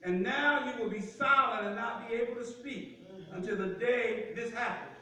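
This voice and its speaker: A man preaching from the pulpit in a high, bright, forceful voice. His call-and-response sermon swells to shouts, and the room throws back a heavy echo. He sounds distant from the microphone. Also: moderate pace. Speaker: pastor. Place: church sanctuary. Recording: echoey church sanctuary from far off.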